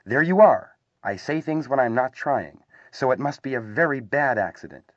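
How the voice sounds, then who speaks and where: A man voicing a gentle, muddled young male teddy bear who muses earnestly and bemusedly. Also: medium pitch, animated, moderate pace, no room sound, natural voice. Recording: slightly dull, dry recording.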